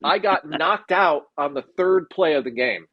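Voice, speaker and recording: Young guy, kinda high voice, cussing and doing voices in his stories. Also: expressive, unhurried, dull audio. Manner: profane storyteller, acts out voices of others. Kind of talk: casual chat.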